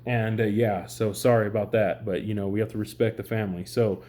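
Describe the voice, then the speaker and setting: A man's voice: lowish voice, fairly even intonation, fairly quick, mellow. Exhausted man ranting to camera. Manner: exasperated, rambling, swears often. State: exhausted, short on sleep. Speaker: online commentator. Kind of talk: heated vlog rant.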